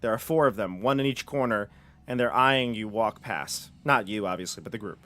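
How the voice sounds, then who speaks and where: A man's voice: lowish voice, a little fast, fairly bright tone, a little hiss or hum. A man running a tabletop game as dungeon master, describing rooms and reading descriptions aloud.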